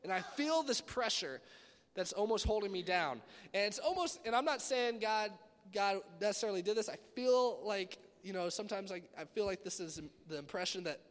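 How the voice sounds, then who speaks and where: A young man with a high-pitched voice preaches to a youth group. His storytelling is animated and swings between loud bursts and quiet asides. His voice rings with a long reverb in a big hall. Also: moderate pace. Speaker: youth pastor. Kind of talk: sermon.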